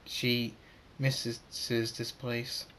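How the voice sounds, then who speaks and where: A man doing a calm, quiet pony king. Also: mid-range voice, very slow, a little hiss or hum.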